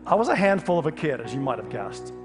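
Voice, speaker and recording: Animated storytelling pastor in a hall. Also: male voice, on the high side, quick pace. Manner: animated, humorous storytelling with sudden loud outbursts. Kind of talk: storytelling sermon. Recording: live hall reverb with faint music.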